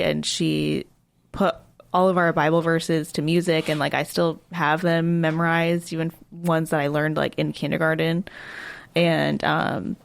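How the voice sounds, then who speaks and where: Brief: young woman guest, chatty storyteller, low voice with vocal fry, dry close sound. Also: dry recording. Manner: chatty, storytelling with many fillers. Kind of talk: casual conversation.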